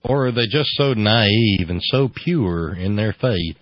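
A man's voice: on the low side, lively intonation, slow pace, no echo, muffled recording. A man hosting a radio talk show, giving sarcastic, incredulous commentary into a close mic.

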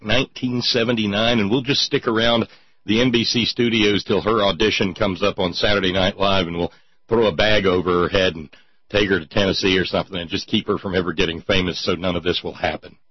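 Talk show host, male, low husky voice, dry sarcastic delivery, dull lo-fi recording. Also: fairly quick, no room sound. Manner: mocking, reads listener messages aloud. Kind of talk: casual sardonic commentary. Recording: dull lo-fi sound.

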